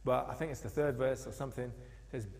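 Male preacher, middle pitch, animated storyteller, long reverberant church sound. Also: brisk, vocal fry. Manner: animated storytelling, acting out quoted voices. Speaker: pastor. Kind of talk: sermon. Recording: long echo of a church hall.

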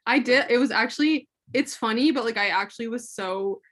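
A woman's voice: fairly high pitch, a little fast, fairly bright tone. A young woman co-hosting a podcast in casual chat, playful and self-deprecating. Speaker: podcast co-host.

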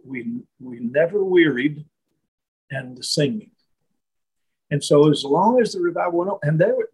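Husky man telling a slow story. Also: on the high side, a little mellow, rough recording. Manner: slow, halting, many restarts and fillers. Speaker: guest storyteller. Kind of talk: reflective storytelling in conversation.

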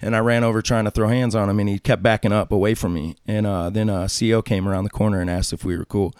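A man's voice: fairly low pitch, little pitch movement, fast talker, a little mellow, clear, resonant tone, dry recording, studio quality. A man talking as a tattoo artist guest in an interview, telling stories casually, swearing freely and acting out what other people said. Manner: profane, acts out quoted voices.

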